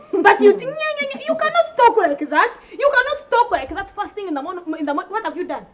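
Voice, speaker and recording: A woman's voice: very high-pitched, lively intonation, fast, a bit bright. A woman comedian playing a defiant young housemaid who talks back to her boss with cheeky mockery. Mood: sassy. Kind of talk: comedy sketch acting.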